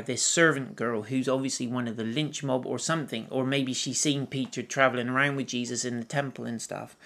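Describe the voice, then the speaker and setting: A man preaching in a sermon. His voice has a gravelly edge and sits at an ordinary middle pitch. He moves between reading scripture aloud and gently musing on it with soft asides. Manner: reads scripture aloud, then muses on it.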